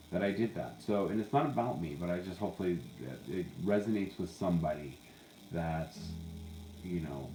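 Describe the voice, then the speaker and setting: A man who works as a psychic medium, talking candidly and jokingly in a casual monologue. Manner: candid, joking, animated with sudden high jumps. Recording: echoey room, faint background hum.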